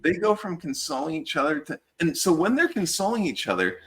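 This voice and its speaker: Over soft background music, a thirty-something American man who works fire patrol shares casual stories as a podcast guest. His voice is a little high and brisk, and he is animated, swears without restraint, and says "dude" constantly.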